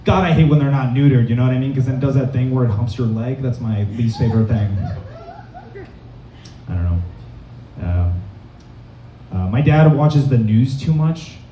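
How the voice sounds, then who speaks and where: Young man, rambling deadpan stand-up, dark mellow voice, distant roomy club sound. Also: medium pitch, normal speed, long pauses, lo-fi sound, a little hiss or hum. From Massachusetts. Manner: rambling, filler-heavy deadpan delivery. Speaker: stand-up comedian. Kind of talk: stand-up set. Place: comedy club stage.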